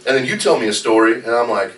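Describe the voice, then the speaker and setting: A man co-hosting a casual podcast, animated and swearing as he talks about his frustrations. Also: mid-range voice, fast talker. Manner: animated, swears, mimics others. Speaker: podcast co-host. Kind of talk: casual chat. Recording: roomy echo, distant mic, faint hiss.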